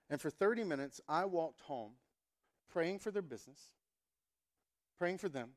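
A man's voice: on the high side, normal speed, long pauses. A man in his thirties, a pastor telling a humorous story in a sermon and acting out the dialogue. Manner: animated, humorous, acts out dialogue.

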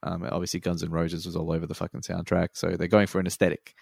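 A man's voice: low-pitched, completely flat delivery, fast talker, vocal fry, a little mellow, husky, dry recording, clean studio sound. A laid-back Australian man in casual chat, swearing freely and laughing often.

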